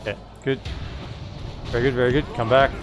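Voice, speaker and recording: A man's voice: mid-range voice, level tone, brisk, over music. An Australian man giving casual, chatty gameplay commentary as a streamer, often repeating himself. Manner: chatty, repeats words, many restarts.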